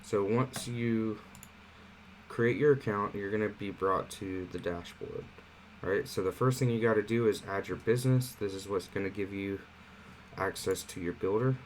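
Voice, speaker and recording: Man, lowish voice, relaxed tutorial host, faint air-conditioner hum in the room. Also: normal speed, low-quality recording. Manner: relaxed, conversational walkthrough with fillers. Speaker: online marketing platform host. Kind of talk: casual screen-share tutorial.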